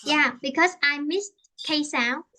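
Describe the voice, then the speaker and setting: High, bright Vietnamese woman teaching English. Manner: halting, repeats and rephrases often. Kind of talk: online English lesson.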